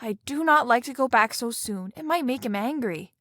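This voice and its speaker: A woman's voice: a little high, expressive, normal speed, fairly bright tone, dry recording, clean studio sound. A woman narrator voicing a timid, meek fisherman who speaks hesitantly in a storybook reading. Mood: reluctant. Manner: hesitant and reluctant.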